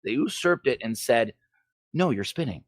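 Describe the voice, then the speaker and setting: A man's voice: medium pitch, lively intonation, normal speed, no room sound. A man calling into a show, talking in a ranting, swearing, heated way, then apologizing for it. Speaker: caller. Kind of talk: casual call-in chat.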